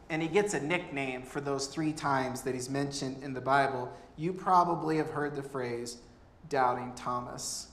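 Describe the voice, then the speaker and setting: A man's voice: a little high, fairly bright tone. A man preaching a sermon as pastor, earnest and conversational, with humorous asides. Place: church. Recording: echoey church room.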